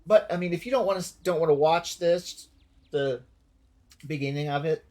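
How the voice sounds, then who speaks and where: A man's voice: on the high side, moderate pace, darkish tone. A man streaming a game, giving casual commentary while rambling and correcting himself as he thinks aloud.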